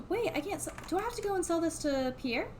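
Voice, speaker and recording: A woman's voice: very high voice, lively intonation, fairly quick, a little mellow, a little hiss or hum. A young woman streaming a farming game, chatting casually to herself and laughing often. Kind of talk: casual gameplay commentary.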